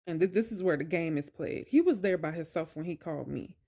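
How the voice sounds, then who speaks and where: A woman's voice: low voice, animated, brisk, dark tone. A young woman vlogger telling a personal story in a casual, emphatic, colloquial way, with exasperated asides.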